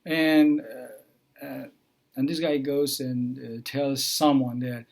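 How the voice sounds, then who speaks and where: A man telling a personal story in a halting way, full of pauses and fillers, slowing down for tension. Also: mid-range voice, fairly even intonation, creaky, darkish tone.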